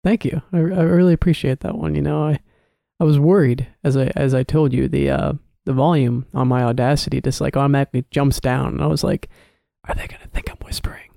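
A college-age man co-hosting a podcast, talking casually and relaxed, often repeating a word as he starts a sentence, recorded on a home microphone. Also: medium pitch, fairly quick, gravelly, no echo, studio quality. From Chicago area. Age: early 20s. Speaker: podcast co-host. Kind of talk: casual chat.

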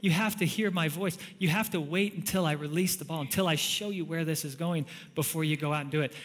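A man's voice: a little high, fairly quick, long reverb tail, lightly acted. A male pastor voicing God as a patient, reassuring male figure within a sermon.

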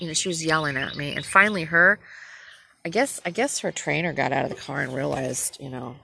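A woman's voice: sits low, brisk, vocal fry, bright, forceful tone, a little hiss or hum. A middle-aged woman, a nurse, bluntly ranting and telling a story in a profane personal vlog.

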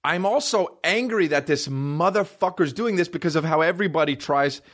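A man in his thirties, a podcast host and comedian, telling a comic story in an excitable, profane way. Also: a little high, moderate pace.

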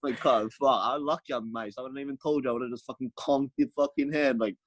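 A man's voice: medium pitch, steady tone, brisk, low-quality recording. A young man from Hawaii, a podcast guest in casual chat, rambling and swearing a lot. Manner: rambling, swears a lot, repeats "you know what I mean".

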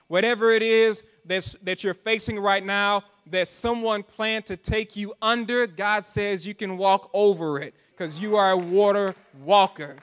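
A man preaching a sermon as pastor, repeating lines with rising emphatic calls and dropping low and soft between them. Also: steady tone, a little slow, hardly any pauses, clean tone.

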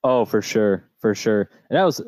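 A man's voice: on the low side, moderate pace, a little mellow, dry recording. A man from the American Midwest, a podcast host chatting casually with easygoing, joking banter. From Midwest United States. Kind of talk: casual chat.

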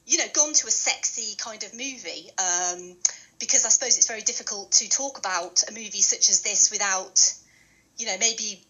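A woman's voice: medium pitch, normal speed, sharp tone, lo-fi sound. A woman from England with a London accent, a podcast guest who giggles often and hesitates with fillers. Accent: British, London. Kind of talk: casual podcast chat.

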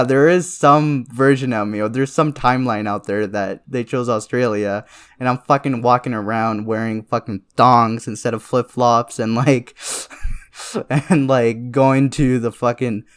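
A young man who moved to Canada as a child co-hosts a podcast, chatting casually late at night. His mid-range voice is steady, clean and unhurried as he rambles, swears freely and laughs often.

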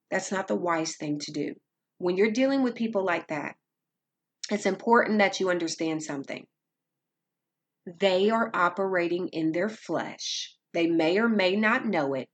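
A woman speaks with earnest calm, giving faith-based advice in a measured, teaching way. Her delivery is unhurried and deliberate. Her voice carries a soft, breathy edge. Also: on the low side. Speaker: Christian speaker.

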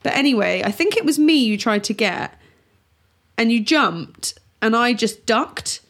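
Woman, fairly high voice, chatty storyteller, casual chat. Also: lively intonation, a little slow, a bit bright. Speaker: podcast co-host, older sister.

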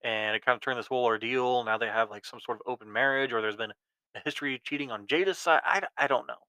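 A young man in his twenties talks through the news as a podcast host, rambling and restarting his sentences often. His voice is bright and forceful, recorded dry and close with no room sound. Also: medium pitch, quick pace, no echo, poor audio. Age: 20s. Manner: rambling, many restarts and ums. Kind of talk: casual commentary.

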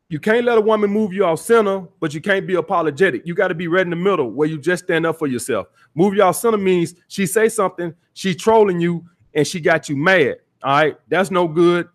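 A man hosting a call-in dating podcast, his voice sitting a little higher than most men's. He talks bluntly and profanely, lecturing his listeners and leaning on "all right" over and over. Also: fairly bright tone. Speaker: podcast host, dating coach. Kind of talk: call-in podcast advice rant.

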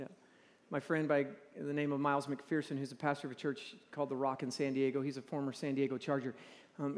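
A man in his forties preaching a sermon in a church, talking in a halting, conversational way with repeated words and drawing the audience to respond. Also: on the high side, darkish tone. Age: 40s. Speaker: pastor. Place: large church hall. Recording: long reverb in a large hall.

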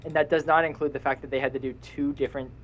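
Young guy rambling on a podcast, mid pitch, little bit of hiss behind. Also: level tone, very fast, rough recording. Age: young adult. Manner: rambling, self-interrupting, laughs often. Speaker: podcast co-host. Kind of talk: casual chat.

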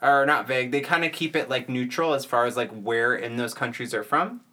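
A man's voice: medium pitch, a little fast, sharp tone. A man co-hosting a podcast, recapping a cartoon in casual chat, rambling and correcting himself. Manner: rambling, many fillers and self-corrections. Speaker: podcast co-host.

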